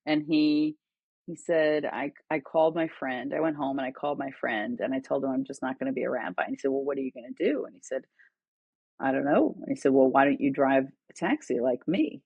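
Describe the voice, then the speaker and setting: A woman's voice: very deep voice, a little fast, husky, dry recording, lo-fi sound. A middle-aged woman, a guest author and educator, telling stories in conversation and acting out the dialogue in them. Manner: animated storyteller, acts out quoted dialogue. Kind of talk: conversational storytelling.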